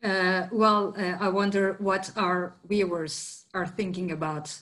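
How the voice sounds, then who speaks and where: Woman, interviewer, friendly, laughs easily, halting English. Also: medium pitch, fairly even intonation, fairly bright tone. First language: Turkish. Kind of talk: casual interview chat.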